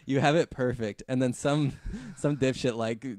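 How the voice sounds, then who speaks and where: A man's voice: medium pitch, normal speed, no room sound, studio quality. A man, a visual effects artist, telling a story in a casual podcast chat, full of fillers and swearing. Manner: relaxed, filler-heavy, swears freely.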